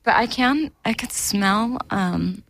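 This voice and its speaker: A woman's voice: medium pitch, takes it slowly, gravelly, fairly bright tone. A woman co-hosting in casual chat, teasing her partner and laughing often. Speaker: co-host. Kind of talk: casual joking commentary.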